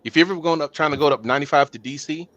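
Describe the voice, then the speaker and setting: A man in his thirties, a father, co-hosting a podcast with teasing jokes and loud bursts. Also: fairly high pitch, rapid-fire, dry recording, lo-fi sound. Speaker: podcast co-host. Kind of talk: casual chat.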